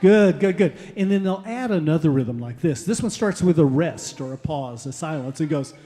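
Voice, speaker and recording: A man's voice: fairly high pitch, normal speed, in a large hall. A man teaching a rhythmic vocal chant to a live audience at a café concert, energetically coaxing everyone to join in. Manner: energetic, coaxes the crowd to join in. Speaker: guest music teacher at a kids' concert.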